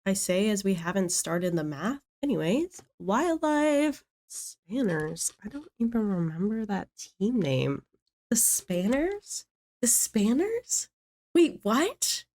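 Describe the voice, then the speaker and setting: A young woman talking casually as a video creator, chatting and thinking aloud to herself as she works through lists. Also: medium pitch. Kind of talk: casual chat.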